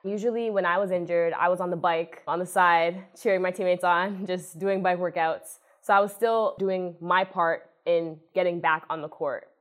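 A woman's voice: fairly low pitch, fairly even intonation, normal speed, few pauses. A young woman, a student athlete, chatting easily in a podcast conversation. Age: young adult.

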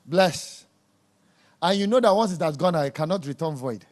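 A man's voice: high voice, expressive, normal speed. A man preaching a sermon, emphatic and scolding, repeating words for stress.

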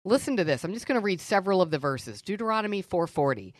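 A middle-aged woman co-hosting a faith podcast, telling stories and teaching in an earnest, animated way. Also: lowish voice, fast talker, hardly any pauses, no room sound, clean studio sound. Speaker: podcast co-host. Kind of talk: faith-based conversational teaching.

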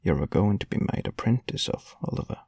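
A man's voice: on the low side, lively intonation, brisk, gravelly, dark tone, husky, dry recording, exaggerated voice. A man voicing a pompous, self-important male parish beadle lecturing a child in a storybook reading.

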